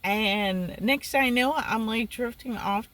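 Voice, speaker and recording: A young woman telling a personal story in a casual vlog, animated and exasperated, with sudden jumps in pitch. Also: a little slow, low-quality recording. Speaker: vlogger.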